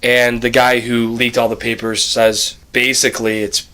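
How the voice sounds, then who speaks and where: A man's voice: medium pitch, little pitch movement, bright, forceful tone, clean tone. Young man, podcast co-host, casual chat, chatty and explaining, mid-range voice. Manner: talkative, quick restarts, explains at length.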